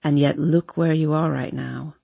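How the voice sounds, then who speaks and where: A woman doing a low, husky drunk young man. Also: fairly even intonation, moderate pace, dry recording, highs cut off, full character voice. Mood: smug. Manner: low murmuring, slurred and pleading.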